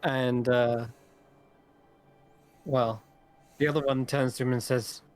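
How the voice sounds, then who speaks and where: A man's voice: medium pitch, little pitch movement, takes it slowly, long pauses, clean tone, faint music behind. A man running a tabletop role-playing game as game master, describing scenes in detail and laughing easily.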